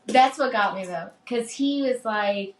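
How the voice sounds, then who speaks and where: A woman's voice: on the high side, unhurried, reverberant, slight background noise. A married woman co-hosting a casual book review chat, emotionally retelling scenes and swearing. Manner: emotional, swears, acts out characters' lines. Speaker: podcast co-host.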